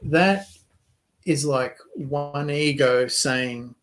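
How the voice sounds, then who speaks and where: A man's voice: mid-range voice, a little slow, low-quality recording. A man leading a group discussion, explaining ideas in a reflective way and laughing easily. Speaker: workshop leader.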